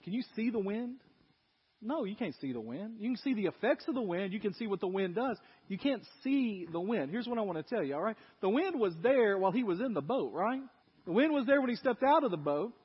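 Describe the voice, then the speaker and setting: A pastor preaching a sermon in animated storytelling style, acting out people's voices, recorded in a church with an echoey, dull lo-fi sound. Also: male voice, sits high, brisk, breathy edge.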